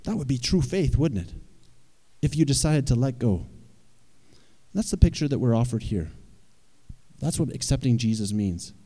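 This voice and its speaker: A man's voice: medium pitch, big pitch swings, moderate pace, long pauses, mellow, big-room sound. A man preaching a sermon in a conversational way, often checking in with his listeners. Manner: conversational, asks the audience questions.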